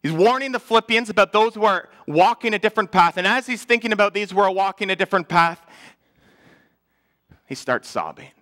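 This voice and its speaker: Man, pastor, sermon in church, bright ringing tone, slightly high voice, earnest rising and hushed delivery. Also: expressive, fairly quick. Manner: earnest preaching, swelling louder then dropping to a hush.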